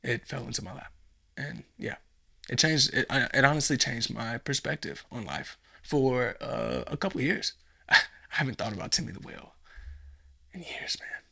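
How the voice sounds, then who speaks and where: A man voicing a sentimental male home invader who reminisces in a hushed, dreamy way in a comedy bit. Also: mid-range voice, lively intonation, moderate pace, creaky, heavily acted. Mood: wistful.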